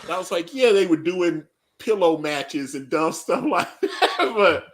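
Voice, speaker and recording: Rambling, joking man with a lively voice. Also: high voice, a little slow. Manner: rambling, joking, laughs often. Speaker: podcast co-host. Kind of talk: casual live reaction chat.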